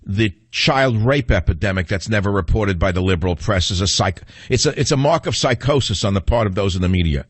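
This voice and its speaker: Combative talk radio host, dry studio sound. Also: male voice, fairly low pitch, animated, a little fast, hardly any pauses, husky, dry recording. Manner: combative, ranting, scornful. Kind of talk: political talk radio monologue and call-in.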